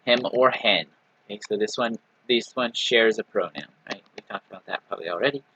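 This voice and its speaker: A man teaching a recorded language lesson, patiently explaining and repeating example words slowly with frequent "right?" and "okay.". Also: lowish voice, sharp tone, husky, no room sound, low-quality recording. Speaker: Hebrew teacher.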